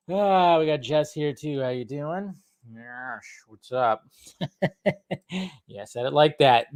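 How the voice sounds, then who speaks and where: A man hosting a casual live stream, greeting viewers by name and rambling in a jokey way. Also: mid-range voice.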